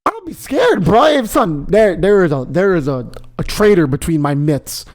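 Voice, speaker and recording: Podcast co-host, man, high voice, rambling, jokey, trips over words. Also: very animated, moderate pace. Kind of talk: casual chat.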